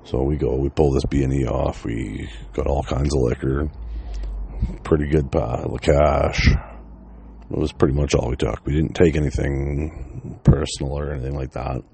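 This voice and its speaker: Guy telling a wild story, super low gravelly voice, swears a ton, chuckles a lot. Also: steady tone, normal speed, warm tone, a little hiss or hum. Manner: profane, laughs between lines. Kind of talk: casual personal storytelling.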